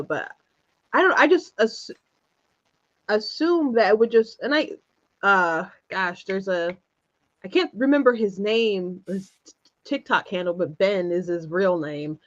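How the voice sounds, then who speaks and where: A woman's voice: medium pitch, highs cut off. A woman hosting an interview show, talking in a rambling, hesitant way with frequent restarts and laughter. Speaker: show host. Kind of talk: casual conversational interview.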